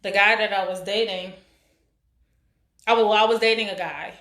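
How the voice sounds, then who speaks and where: Speaking in a mid-range, steady voice with a fairly bright tone, this roughly forty-year-old woman chats loosely as a live-stream host. She welcomes viewers and reads out their comments, wandering off track, stalling, and leaning on fillers, all in a room with noticeable echo.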